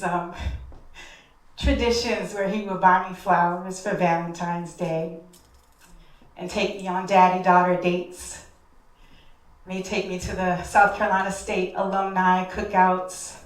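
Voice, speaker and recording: Heartfelt woman storyteller in an echoey hall. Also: on the low side. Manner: heartfelt, addresses the audience directly. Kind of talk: live personal storytelling. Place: stage in a hall. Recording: echoey hall, distant mic.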